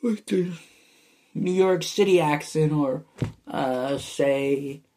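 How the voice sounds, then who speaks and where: A man's voice: fairly high pitch, slow, mellow. A young man from Michigan with a Michigan accent, rambling casually to his vlog viewers with many fillers. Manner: meandering, full of fillers and restarts. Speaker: YouTuber.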